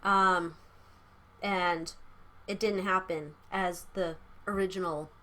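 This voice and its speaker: A woman's voice: fairly low pitch, fairly even intonation, slow pace, sharp tone. Chatty woman doing a tarot reading. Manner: chatty, rambling, giggly asides. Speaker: tarot reader. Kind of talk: casual tarot reading vlog. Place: small room at home. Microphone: camera mic.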